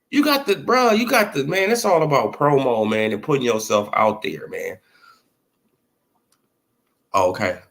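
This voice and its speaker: A man's voice: normal speed, fairly bright tone. A man giving casual boxing opinions, loose and slangy, often asking if you feel what he's saying. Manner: acts out imagined dialogue in swinging pitch. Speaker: boxing commentary vlogger.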